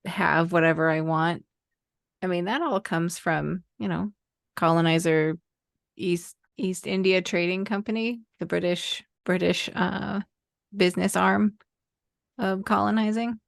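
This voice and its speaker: A woman co-hosting a casual podcast chat, laid-back and quick to agree. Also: on the low side, fairly even intonation, gravelly, no room sound, studio quality. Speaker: podcast co-host.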